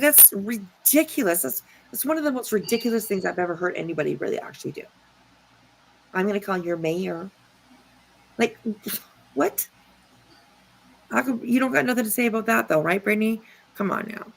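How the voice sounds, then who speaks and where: A woman's voice: fairly high pitch, vocal fry, rough recording. Sarcastic scolding woman commentator. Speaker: commentary channel host. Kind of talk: reaction commentary.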